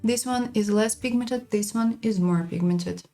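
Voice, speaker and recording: A woman giving a frank, unhurried makeup product review as a beauty vlogger. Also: a little high, dark tone, soft background music.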